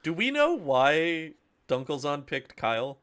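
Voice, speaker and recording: A man's voice: a little high, very animated, measured pace, fairly bright tone, smooth. A man co-hosting a casual podcast, joking and swearing as he riffs on bits. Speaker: podcast co-host.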